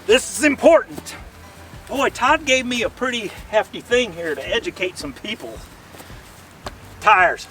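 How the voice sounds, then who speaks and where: Excitable folksy man with a bright, high voice. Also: measured pace, long pauses, recorded from a distance, faint music behind. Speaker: RV vlog host. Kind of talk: casual outdoor demo vlog. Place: outdoors by a vehicle.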